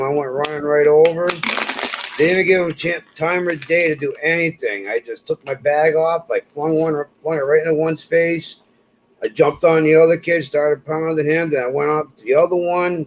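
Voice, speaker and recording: Man telling stories with animated quoted voices. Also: a little high, moderate pace, slight background noise, low-quality recording. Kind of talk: casual storytelling chat.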